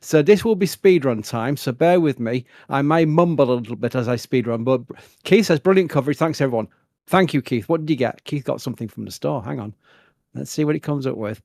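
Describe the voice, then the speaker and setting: A man with a Yorkshire accent hosting a live stream, chatting casually and reading viewer messages out quickly. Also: mid-range voice, lively intonation, gravelly, darkish tone, dry recording. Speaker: livestream host.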